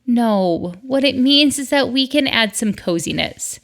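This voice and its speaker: A woman's voice: a little high, lively intonation, measured pace. A middle-aged woman from the northern United States hosting a solo podcast, chatty and upbeat, with asides. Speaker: podcast host.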